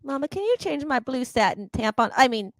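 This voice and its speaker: A woman's voice: high-pitched, very animated, fairly quick, no echo. A woman voicing a whiny young girl who keeps begging and nagging her mother. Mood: pleading. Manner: pleading, nagging.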